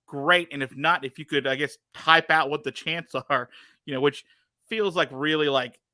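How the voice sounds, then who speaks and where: A man co-hosting a podcast, chatting casually with animated, joking energy. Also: on the high side, moderate pace, dry recording, clean studio sound. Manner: animated, joking, laughs often. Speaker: podcast co-host. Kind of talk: casual chat.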